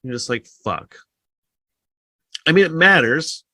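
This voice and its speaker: A man's voice: medium pitch, normal speed, a bit bright, dry recording. A man hosting a podcast, talking casually and rambling, with frequent sighs and heavy swearing. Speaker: podcast host. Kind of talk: casual solo podcast monologue.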